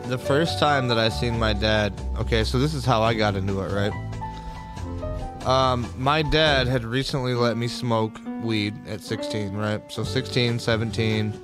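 A man's voice: mid-range voice, a little slow. Man, podcast co-host, casual chat, laid-back, profane, music in the background. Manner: laid-back, swears, says bro a lot.

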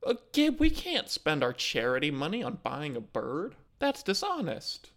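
A man co-hosting a podcast, chatting casually with quick, wry comebacks. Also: on the high side, wildly swooping pitch, fairly bright tone. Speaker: podcast co-host. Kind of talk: casual comedic chat.

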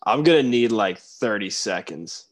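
A young man with a fairly low voice co-hosting a casual podcast. He talks in an easygoing way and laughs readily. His delivery stays relaxed and unhurried. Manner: laid-back, laughs often. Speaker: podcast co-host. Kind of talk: casual chat.

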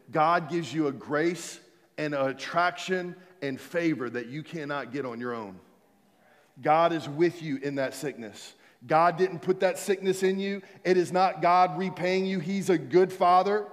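Pastor guy preaching hard, fairly high voice, repeats his lines, big reverb hall. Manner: emphatic, repeats key phrases, leads the congregation in call-and-response. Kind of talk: sermon.

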